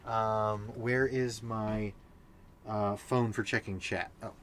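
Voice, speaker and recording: A man's voice: fairly low pitch, steady tone, slow, a bit bright, slight background noise. A man casually chatting while setting up a tabletop game on a live stream, often mumbling to himself as he sorts pieces.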